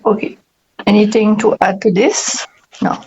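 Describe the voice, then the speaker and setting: A woman leading a group Bible study, reading scripture aloud in a slow, measured way. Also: mid-range voice, fairly even intonation, a little mellow, dull audio, slight background noise.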